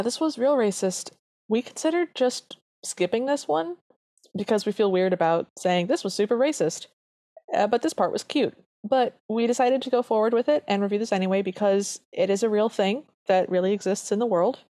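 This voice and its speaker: A woman's voice: medium pitch, dark tone, dry recording, studio quality. A woman co-hosting a podcast, chatting earnestly as she reviews an old cartoon. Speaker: podcast co-host. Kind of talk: casual chat reviewing a cartoon.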